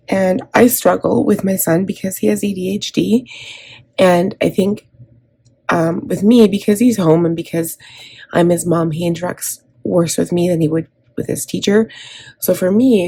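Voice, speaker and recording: A woman from Canada, in her thirties, talks casually while planning and decorating a planner. Her voice is lowish, mellow and a little husky. She rambles, with lots of ums and restarts. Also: moderate pace. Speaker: planner vlogger.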